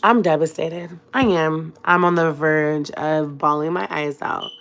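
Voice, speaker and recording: A young woman from California, a bit sick with a cold, telling a dramatic personal story to her livestream viewers in a chatty, expressive way. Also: low-pitched, measured pace, a little hiss or hum. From Fresno, California. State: has a cold. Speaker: vlogger.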